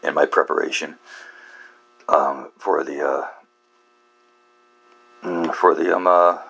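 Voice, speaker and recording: Very low-voiced man rambling, halting. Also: fairly even intonation, creaky, fairly bright tone, husky. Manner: halting, many fillers and restarts, frequent swearing; self-deprecating, laughs at himself. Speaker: book channel host. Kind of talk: rambling casual monologue.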